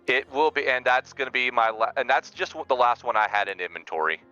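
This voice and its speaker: A man's voice: mid-range voice, animated, quick pace, sharp tone, clear, resonant tone, muffled recording. A man playing in a tabletop game, joking and bantering with the game master. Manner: playful, jokey banter. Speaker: player.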